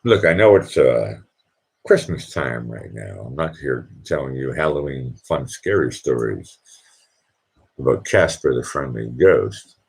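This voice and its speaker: This is a middle-aged man, hosting a casual live stream. His voice is low and husky, and his pitch swings widely as he rambles, repeating words and restarting sentences. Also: expressive, measured pace, darkish tone. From Boston.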